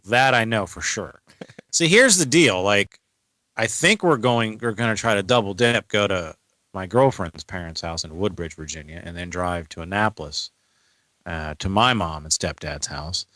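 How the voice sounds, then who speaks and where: Dude cohost, kinda low but bright edgy voice, rambles, dry close mic. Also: male voice, animated, moderate pace, no echo. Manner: rambling, laughing, asks lots of questions. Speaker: co-host. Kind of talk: casual podcast banter.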